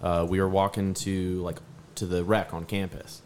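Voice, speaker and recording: Lower-voiced man telling rambling stories. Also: little pitch movement, moderate pace, a little mellow, slight background noise. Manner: rambling, laughing storyteller. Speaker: podcast co-host. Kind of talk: casual storytelling chat.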